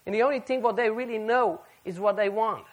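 A man preaching a sermon to a live audience, animated and firing rhetorical questions at the listeners. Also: high-pitched, brisk.

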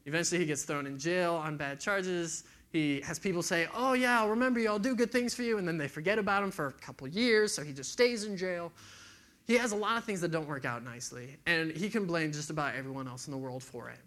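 A man's voice: a little high, fairly quick, fairly bright tone. Man preaching a casual sermon. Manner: casual, conversational preaching with acted quotes.

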